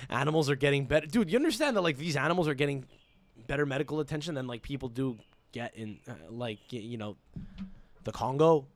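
A young man hosting a podcast, telling a story in an excitable, profane rant. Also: medium pitch, brisk. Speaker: podcast host. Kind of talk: casual rant.

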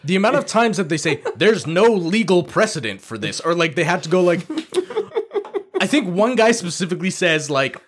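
Brief: laid-back male co-host, profane and wry, higher pitch with wide swings. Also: wildly swooping pitch, normal speed. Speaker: podcast co-host. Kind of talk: casual film review chat.

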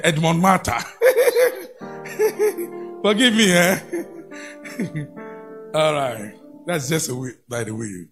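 A man preaching a sermon in a church, swinging between loud exclamations and low murmurs. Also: creaky.

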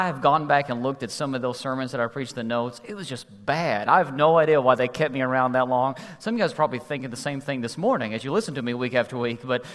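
A man's voice: mid-range voice, a bit bright. Conversational male pastor in echoey hall. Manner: conversational storytelling with humor. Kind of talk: sermon.

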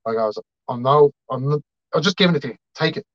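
A man's voice: a little high, quick pace, dry recording, muffled recording. A man in his thirties with a Dublin accent, a podcast guest telling a long story in a rambling, chatty way and acting out the people in it. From Dublin, Ireland. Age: 30s. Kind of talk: casual storytelling.

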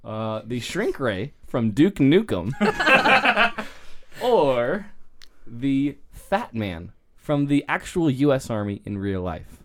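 A man's voice: medium pitch, slow pace. A man hosting a casual movie podcast, talking loosely with lots of fillers and laughs. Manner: animated, laughing, trails off into fillers. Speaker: podcast host.

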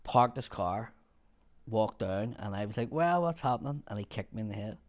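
A man appearing as a podcast guest tells casual stories, swearing freely and acting out the voices of the people in them. His voice is on the low side, with fairly even intonation and a moderate pace.

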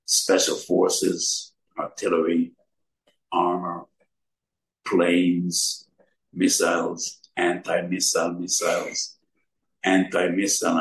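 A man's voice: sits low, creaky, reverberant, low-quality recording. A man giving an emphatic Torah sermon in English, weaving in Hebrew terms and asking rhetorical questions. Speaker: rabbi giving a Torah talk.

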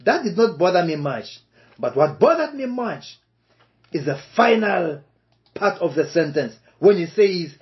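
Male preacher, high animated voice, deliberate and repetitive, muffled lo-fi sound. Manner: slow, emphatic, repeats key phrases. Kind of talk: sermon. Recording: dull lo-fi recording.

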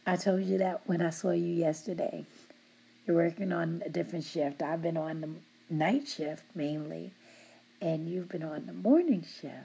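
Husky, slow-talking woman with a gravelly edge. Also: fairly low pitch, dark tone. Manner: laughs often, teasing yet heartfelt. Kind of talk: affectionate shout-outs to her team.

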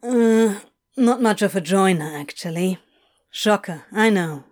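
A woman's voice: mid-range voice, unhurried, a little mellow, close to an everyday voice. A woman voicing an aloof, sardonic man who talks in a curt, drawling way. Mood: dry.

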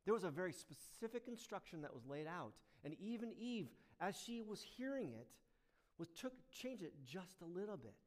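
A male pastor preaching a sermon, emphatic, swinging between loud stressed lines and hushed asides. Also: high voice, very animated, moderate pace.

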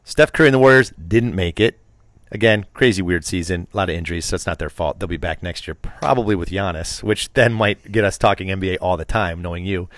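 A man with a fairly low voice chats casually about sports on a home podcast. He rambles, teases and throws out strong opinions. The sound is close and dry. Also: fast, a bit bright, no echo. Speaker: podcast co-host.

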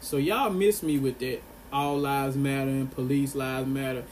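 A man's voice: mid-range voice, fairly even intonation, moderate pace, darkish tone, slight background noise. A man delivering an earnest, impassioned monologue to his viewers, pressing his points and repeating phrases for emphasis. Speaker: vlogger.

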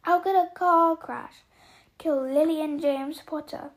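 Reading an audiobook, a woman performs a full character voice for a gruff giant man, kindly yet quick-tempered, with booming outbursts and folksy slang. Her tone is level and the mood is outraged.

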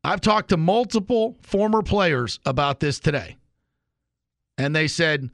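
Casting: male sports radio host, somewhat high gravelly voice, fired-up and opinionated, dry close sound. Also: lively intonation, unhurried, fairly bright tone, dry recording. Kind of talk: sports talk radio monologue.

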